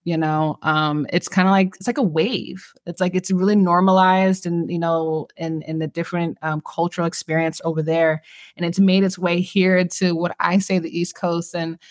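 A woman from California hosts a casual podcast in a lowish voice. She talks reflectively, leaning on "you know," and speaks straight to her listeners. The sound is dry and close. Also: steady tone, moderate pace, no room sound. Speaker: podcast host. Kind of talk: casual conversation on mental health.

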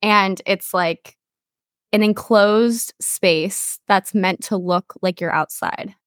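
A woman's voice: mid-range voice, steady tone, slow, fairly bright tone, no echo, clean studio sound. A young woman co-hosting a podcast, telling a story in a chatty way with lots of fillers. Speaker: podcast co-host. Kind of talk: casual chat.

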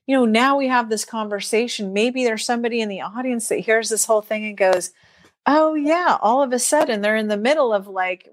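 A woman talking as an interview guest, animated and chatty, acting out her own inner voice in quotes and laughing lightly now and then. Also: on the high side, no room sound, studio quality. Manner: laughs lightly mid-sentence. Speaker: guest speaker and teacher. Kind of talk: casual interview chat.

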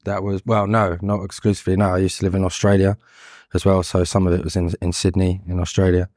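A man's voice: low-pitched, level tone, fast, darkish tone, no echo, studio quality. A man, a carpenter answering interview questions in a hesitant, casual way with many ums and restarts. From England. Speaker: guest, carpenter and furniture maker.

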